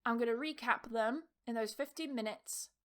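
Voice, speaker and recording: A woman's voice: a little high, normal speed. A woman hosting an English-learning podcast, giving a casual motivational talk in a blunt, emphatic way, swearing now and then and checking in with her listeners. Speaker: English teacher and podcast host.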